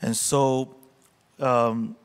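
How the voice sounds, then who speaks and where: A man's voice: mid-range voice, flat delivery, drawn-out words, clean tone. A man pastor speaking informally at a church service, telling a heartfelt story with many fillers and restarts. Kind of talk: informal church testimony and reflection.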